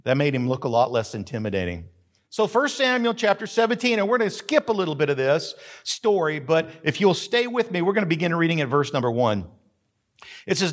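A man's voice: on the high side, big pitch swings, fairly quick, fairly bright tone. A middle-aged man preaching a sermon as pastor, emphatic, drawing out key words.

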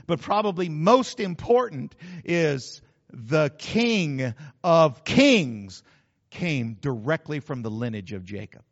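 A man's voice: fairly high pitch, lively intonation, takes it slowly, in a large hall, lo-fi sound. An older man, preaching a sermon as pastor in an emphatic, repetitive, folksy way. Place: church.

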